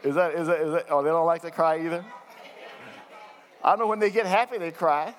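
An older man preaching a conversational sermon, reading scripture slowly between folksy, chuckling asides. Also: a little high, fairly even intonation, a faint crowd. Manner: folksy, chuckling asides, slows down to read verses.

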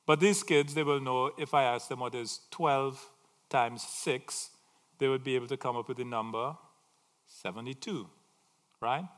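Animated preacher man in a reverberant hall. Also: medium pitch, measured pace. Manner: animated, swings from loud emphasis to quiet asides. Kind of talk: sermon.

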